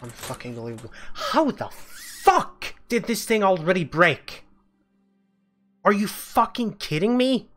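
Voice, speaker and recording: A man's voice: sits high, wildly swooping pitch, unhurried, fairly bright tone, faint music behind. A man streaming a game live, ranting furiously with heavy swearing.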